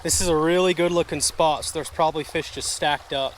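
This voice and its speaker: A man's voice: on the high side, fairly even intonation, fairly quick, slight background noise. A man fishing a wooded stream outdoors, chatting casually to his viewers and grumbling when things go wrong. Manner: chatty, easily frustrated, talks to viewers as folks and guys. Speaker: fishing vlogger. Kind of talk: casual outdoor vlog narration.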